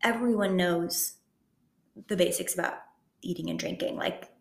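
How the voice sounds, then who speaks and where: A woman's voice: fairly low pitch, normal speed, creaky. Woman co-hosting a podcast, giggly and rambly, lots of "like", echoey public spot. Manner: chatty and giggly, full of "like" fillers. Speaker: podcast co-host. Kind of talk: casual chat. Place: public venue.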